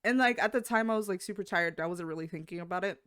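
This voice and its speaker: A woman co-hosting a podcast, telling a story in casual chat, acting out quotes with sudden jumps in pitch and lots of fillers. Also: fast, a bit bright, no echo, clean studio sound. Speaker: podcast co-host.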